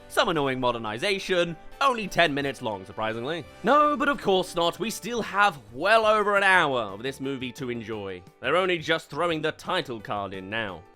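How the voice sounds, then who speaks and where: A man's voice: a little high, pushed and bright. A young man giving a comedic, sarcastic film review commentary. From United Kingdom. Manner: sarcastic and wry.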